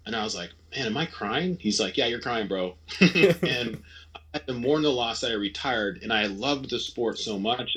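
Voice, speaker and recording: A man in his thirties who once raced skis speaks as an interview guest, candid and long-winded, with frequent restarts and quoted inner thoughts in a casual setting. His voice is medium-pitched, a bit bright, and slightly rough.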